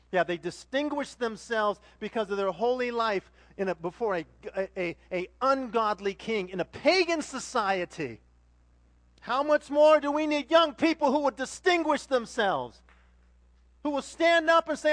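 A man preaching a sermon, animated, swinging between loud exhortation and quiet asides. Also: very high voice, normal speed, dry recording.

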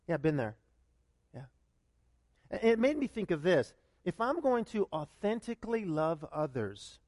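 Male pastor, very high and animated voice, chatty sermon full of questions, dry close sound. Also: no echo. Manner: conversational and animated, with many repeated starts and rhetorical questions.

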